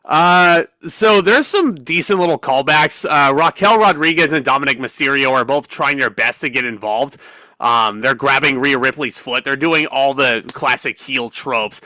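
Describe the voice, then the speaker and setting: A man's voice: mid-range voice, moderate pace, pushed and bright, no echo, rough recording. A young man co-hosting a podcast, chatting casually and with a bit of profanity in fan slang. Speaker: podcast co-host. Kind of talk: casual chat.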